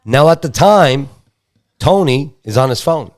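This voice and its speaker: A man co-hosting a podcast, telling a story in casual chat, profane and rapid. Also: medium pitch, lively intonation. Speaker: podcast co-host.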